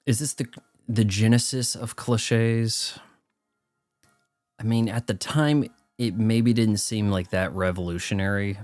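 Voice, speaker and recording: A man's voice: on the low side, fairly even intonation, a little slow, a little mellow, no echo, soft background music. A man giving casual movie watch-along commentary, riffing sarcastically in a rambling way. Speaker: film commentator.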